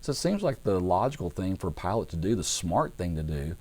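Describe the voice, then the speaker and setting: A man, a pastor, teaching a Bible passage in a relaxed, conversational way, acting out the figures as he goes. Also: low voice, brisk. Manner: conversational storytelling with acted-out voices; relaxed, with fillers and restarts.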